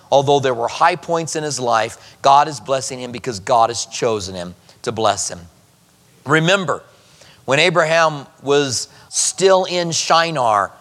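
A male pastor reads scripture aloud and explains it to his congregation in a relaxed, conversational teaching manner. His voice sits a touch higher than most men's. The sound trails into the long reverb of a large hall. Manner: teaching verse by verse, conversational asides. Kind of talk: expository sermon.

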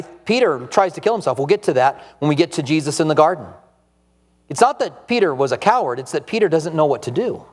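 A man preaching a sermon as pastor, telling a story with lively emphasis and acting out the quoted lines. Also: high-pitched, long reverb tail. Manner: animated storytelling, acts out quoted voices.

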